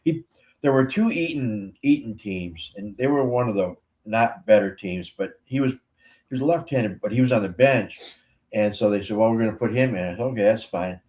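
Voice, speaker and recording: An older man reminisces as a guest in a relaxed chat. His talk is halting, full of restarts and fillers, and often drops quiet at the ends of lines. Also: on the low side. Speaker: guest, former umpire. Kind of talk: casual storytelling chat.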